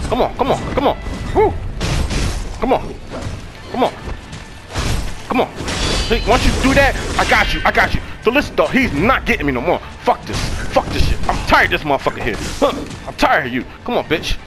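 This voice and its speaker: A man, hosting a gaming channel and yelling, cursing and cheering through live gameplay commentary. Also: high voice, very animated, a little fast, pauses often, music in the background. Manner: loud, cursing, shouting at the game.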